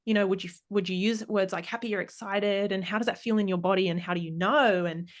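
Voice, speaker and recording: A woman's voice: medium pitch, steady tone, fast. A woman speaking as a podcast guest and expert, explaining in a casual, thoughtful way with frequent restarts and fillers. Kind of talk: casual interview chat.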